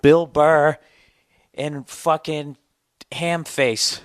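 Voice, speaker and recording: A man in his forties rants on his podcast with sarcastic, profane asides. His voice sits a bit low. The close studio mic sounds dry. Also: moderate pace, dry recording. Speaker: podcast host. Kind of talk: casual comedic rant.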